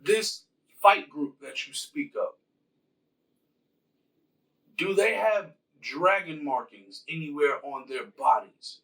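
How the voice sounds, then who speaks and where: A man's voice: on the high side, takes it slowly, gravelly, pauses often, fairly bright tone, distant mic, heavily acted, poor audio. A man voicing a solemn male thunder god who speaks formally and with command.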